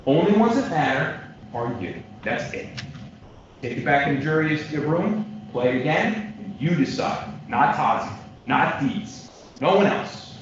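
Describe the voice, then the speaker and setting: A male defense attorney makes his closing argument in a large courtroom, pressing his points with loud stresses and dropping into quiet asides. He sounds far from the microphone, with heavy room echo. The recording is dull and lo-fi, with steady background noise. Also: medium pitch. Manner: emphatic, repeats points for the jury, swings between loud stresses and quiet asides. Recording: distant, echoey courtroom audio, dull lo-fi with noise.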